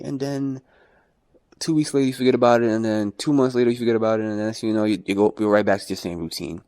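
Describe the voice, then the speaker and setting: A man's voice: lowish voice, fairly even intonation, fast, dark tone, clean tone, dry recording. A man ranting in a rambling, profane vlog monologue, jumping between mocking voices and his own. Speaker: vlogger.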